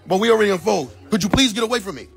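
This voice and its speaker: In a rapid-fire, animated, gravelly voice that sits high, a man streams live on his phone from the doorway of his home. He agitatedly repeats pleas and demands in this confrontation while soft music plays behind.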